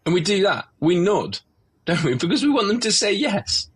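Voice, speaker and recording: A man's voice: high-pitched, very animated, normal speed, a loud crowd. A man hosting a podcast, talking earnestly in an open conversational interview and livening up when he acts out the questions people ask. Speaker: podcast host.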